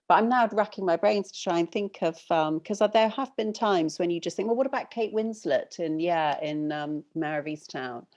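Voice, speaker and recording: A middle-aged woman with a British accent, chatting casually as a novelist guest in an interview, thoughtful and quick to laugh. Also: lowish voice, darkish tone, highs cut off. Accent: British English.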